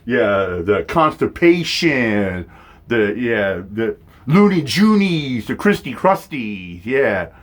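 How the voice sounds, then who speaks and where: A man's voice: sing-song, slow. A man hosting a stream, ranting in a profane, mocking, casual way. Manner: mocking, mimics others in high voices. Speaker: streamer host.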